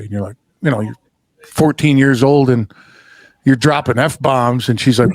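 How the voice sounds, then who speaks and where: A middle-aged man with a voice pitched a little high for a man tells a story in a loose podcast chat. He talks animatedly, drops curse words freely and laughs along the way. The sound is dry and close, with no room in it. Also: expressive, moderate pace, no room sound. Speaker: podcast host. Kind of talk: casual chat.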